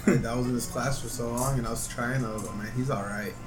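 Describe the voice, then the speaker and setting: A man's voice: medium pitch, flat delivery, fast, music in the background. A young man in casual chat with friends, teasing them with profane banter. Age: young adult.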